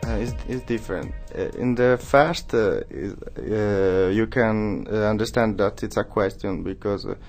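A man learning English answers grammar questions haltingly. He fills his pauses with "uh" and restarts. His voice sits fairly low. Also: faint music behind. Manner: hesitant, halting, many fillers. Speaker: language learner.

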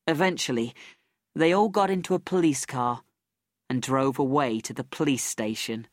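A woman narrating a first-person story in a measured, deliberate way with dry hints of irony. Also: a bass voice, no room sound.

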